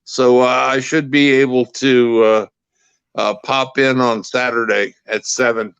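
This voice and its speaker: A man's voice: medium pitch, steady tone, unhurried, a bit bright, clear, resonant tone, no echo. A man speaking as a guest on a live stream panel, polite and plain-spoken with a few hesitations. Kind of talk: casual chat over a video call. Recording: dry, muffled remote call audio.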